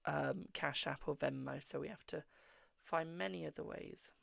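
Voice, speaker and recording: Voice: mid-range voice, moderate pace, gravelly, fairly bright tone, dry recording. A host reading tarot on a live stream, answering viewers' questions, calling them "my darling" and murmuring while drawing cards. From England.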